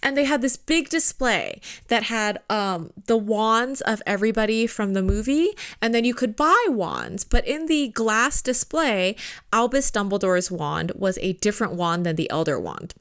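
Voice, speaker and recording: Young woman podcaster, chatty and animated, swears a lot, acts out what people said. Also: mid-range voice, moderate pace. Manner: animated storyteller, swears freely, acts out voices. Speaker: podcast co-host. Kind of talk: casual chat.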